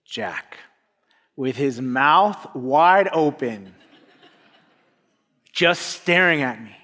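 Bright-voiced man preaching in an echoing church. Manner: animated storyteller, voice rising high for the climax. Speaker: pastor. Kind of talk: storytelling sermon. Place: church sanctuary. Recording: long reverb of a church hall.

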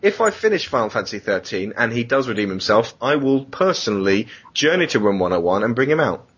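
A man's voice: medium pitch, big pitch swings, brisk, a bit bright, slightly rough, dull audio. A man hosting a comedy podcast, reading listener texts in a mock-solemn tone that breaks into laughs. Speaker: podcast host.

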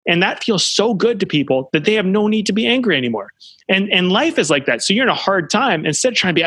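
Guy chatting on a podcast, bright higher voice, acts out quotes, dry close sound. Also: fast talker, slightly rough, dry recording. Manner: animated, acts out quoted voices, many fillers. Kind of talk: casual conversation.

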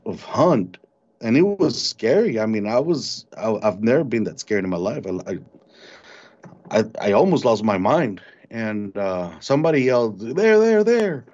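A man recounting a frightening encounter in an interview, halting and repeating words as he tells it. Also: lowish voice, darkish tone. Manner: halting, repeats words when shaken, mimics animal sounds. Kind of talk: storytelling in an interview. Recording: dull lo-fi recording.

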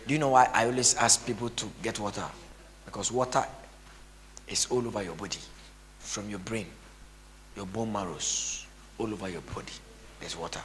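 A man's voice: lowish voice, fairly even intonation, normal speed, long pauses, a bit bright, slight background noise. A male pastor, preaching with a tired voice and breaking into tongues and chanted repeated phrases. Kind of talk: preaching to a gathering.

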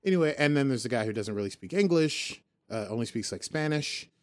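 A man's voice: mid-range voice, animated, a little fast. A man co-hosting a podcast, chatting casually and rambling with frequent self-corrections and jokes. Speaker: podcast co-host. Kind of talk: casual chat recapping a TV episode.

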